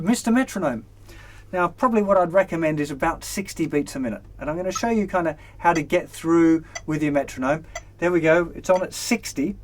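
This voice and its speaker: A young man teaching a guitar lesson, relaxed and encouraging, counting beats aloud as he plays. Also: sits high. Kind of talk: instructional lesson. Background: guitar strumming.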